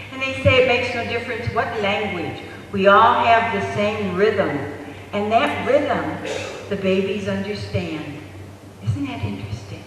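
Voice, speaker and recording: A man giving a public talk, telling stories in an animated, deliberate way. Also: sits high, slight background noise. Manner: animated storytelling, slow and deliberate. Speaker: speaker. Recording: echoey hall, distant mic.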